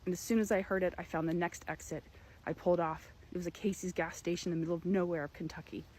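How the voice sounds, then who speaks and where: A young woman earnestly telling a personal story, with emphatic, dramatic pauses. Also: fairly low pitch, fairly even intonation, a little mellow, a little hiss or hum, rough recording. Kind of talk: personal story told to camera.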